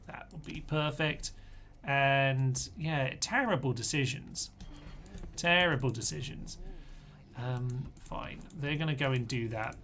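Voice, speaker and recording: A man's voice: mid-range voice, a bit bright, slight background noise. An Englishman streaming a strategy game live, thinking aloud in a chatty way and talking to his own units. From England.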